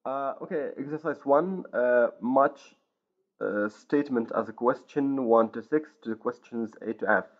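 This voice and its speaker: A man from Morocco teaching an English grammar lesson, pausing often with fillers and correcting himself, in a dull lo-fi recording. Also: medium pitch. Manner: hesitant, many fillers and self-corrections.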